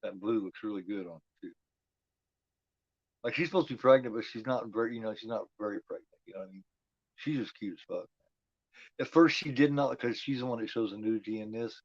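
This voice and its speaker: A man's voice: fairly low pitch, fast, dry recording, lo-fi sound. A man giving casual, profane commentary while watching a movie, talking back at the screen.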